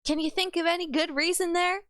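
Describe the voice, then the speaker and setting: A woman's voice: extremely high pitch, steady tone, fairly quick, a bit bright. A woman hosting a reaction video, ranting with sarcasm and frequent swearing. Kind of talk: ranting commentary.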